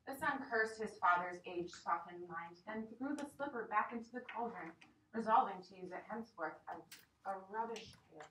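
A woman teacher reading a story aloud to her class in an expressive, dramatic storytelling manner. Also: medium pitch, moderate pace, slight background noise. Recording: echoey classroom from far off.

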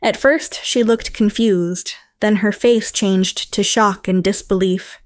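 A woman's voice: mid-range voice, steady tone, slow pace, no room sound. Woman narrator for a story channel, matter-of-fact, dry close sound. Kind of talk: first-person story narration.

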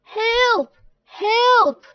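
A woman voicing a bored, lonely young shepherd boy who turns shrill and cheeky when he cries for help. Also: sing-song, drawn-out words, dry recording, exaggerated voice. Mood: alarmed. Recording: dull lo-fi dry recording.

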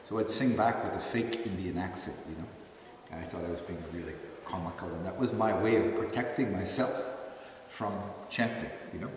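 A man's voice: deep voice, brisk, a little hiss or hum. Man, ashram storyteller, self-mocking and loose, far off in a big echoing hall. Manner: relaxed, self-mocking anecdotes with many fillers. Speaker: former ashram staff member leading chanting. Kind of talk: storytelling talk to a group. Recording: echoey hall, distant mic.

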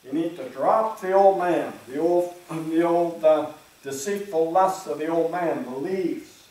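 A male pastor delivers a sermon in a relaxed, conversational way, often clearing his throat and slipping into the voices of imagined churchgoers. His voice sits a little high for a man. He is heard from a distance in a heavily reverberant church room. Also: a little slow. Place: church sanctuary. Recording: very echoey church room, speaker away from the mic.

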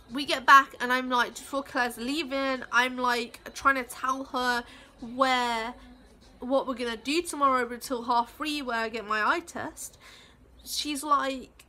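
A woman's voice: sits high, fairly even intonation, slow, sharp tone. A woman vlogging in a casual, heated rant, rambling with lots of swearing and fillers. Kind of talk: casual ranting vlog.

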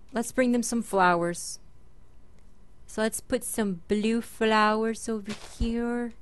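A young woman chatting her way through a Minecraft let's play, talking to mobs and her pet and squealing when startled. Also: mid-range voice. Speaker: gaming channel host.

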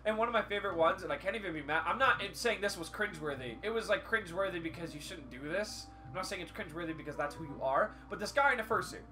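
A young man co-hosting a podcast in casual chat, an animated storyteller who swears freely and says "like" often. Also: sits high, fast talker, hardly any pauses, a little hiss or hum. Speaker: podcast co-host.

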